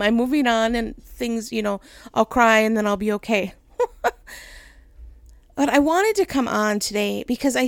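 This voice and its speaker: A middle-aged woman who leads a ministry speaks candidly and emotionally about personal matters, laughing often and rambling with "right?" tags. Her voice is fairly high, captured in a dry, studio-quality recording.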